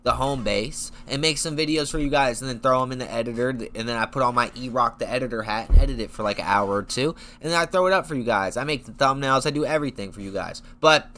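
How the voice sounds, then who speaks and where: A man's voice: mid-range voice, fast, few pauses, sharp tone. A young man chatting casually about upcoming MMA fights in a hyped, profane, rambling way. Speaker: MMA commentary YouTuber. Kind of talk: casual fight-talk vlog.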